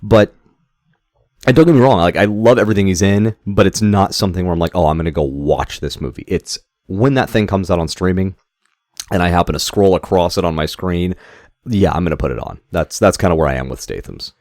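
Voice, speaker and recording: A man with a very deep voice co-hosts a casual movie podcast, talking in long rambling runs full of restarts and swearing. The sound is dry and close to the mic. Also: a little fast, darkish tone, no room sound. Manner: rambling, profane, many restarts. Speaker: podcast co-host. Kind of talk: casual chat.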